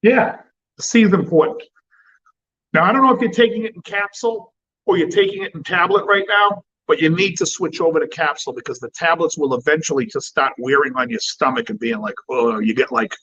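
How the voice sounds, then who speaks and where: A man's voice: a little high, fairly quick, a bit bright, muffled recording. A man hosting a cigar channel, chatting casually and bluntly with plenty of swearing. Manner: blunt and profane. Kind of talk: casual livestream chat.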